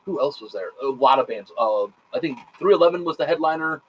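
A man hosting a casual podcast chat, telling stories quickly and profanely, with lots of quoted back-and-forth. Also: on the high side, animated, husky, lo-fi sound. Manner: rapid, profane storytelling full of quoted dialogue. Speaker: podcast host.

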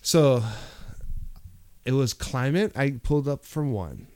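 A man's voice: medium pitch, big pitch swings, slow, warm tone, no room sound. A laid-back man, talking casually as the grow expert on a podcast, often saying "dude".

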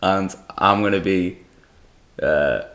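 A man's voice: deep voice, slow, a bit bright. Young man, dry chatty banter. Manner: dry, laughing often. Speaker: podcast co-host. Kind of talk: casual chat.

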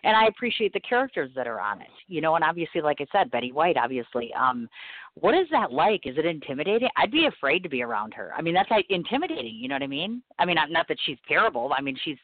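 An interview host in their forties, chatty and eager, with a lively, swinging pitch and plenty of fillers. The sound is dry and thin, like a phone call. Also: fast talker, no room sound. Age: 40s. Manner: chatty, many fillers and restarts, eager reactions. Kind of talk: casual chat. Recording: dry, tinny phone-like line.

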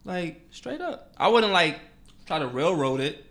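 A podcast co-host in casual banter, animated and mock-offended, laughing along. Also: mid-range voice, unhurried.

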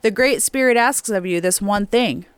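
A woman reading an audiobook, voicing a wise old male elder who speaks in measured, solemn pronouncements. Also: mid-range voice, clean tone, no room sound, close to an everyday voice.

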